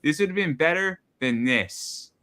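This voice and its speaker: A man's voice: a little high, expressive, a little slow, sharp tone. A man trading jokes and wild theories as a co-host in a casual chat. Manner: joking, conspiratorial. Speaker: podcast co-host.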